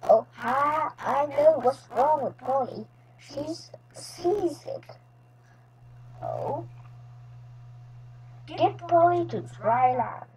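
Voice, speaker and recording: Woman voicing storybook hamster vet, female, gentle, caring, high voice, slow. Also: lively intonation, slight background noise, full character voice, low-quality recording.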